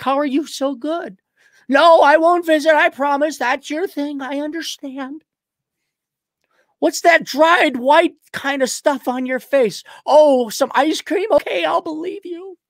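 A man's voice: very high-pitched, no room sound, clean studio sound, pitched above the performer's own voice, heavily acted. A man doing a timid henpecked husband. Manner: meek, nervously agreeable. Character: timid, henpecked middle-aged Minnesota husband.

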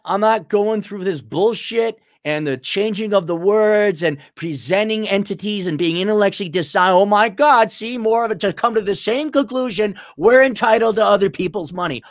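A man's voice: sits high, dry recording, studio quality. A man giving a profane, heated and mocking rant as a political commentator on a livestream.

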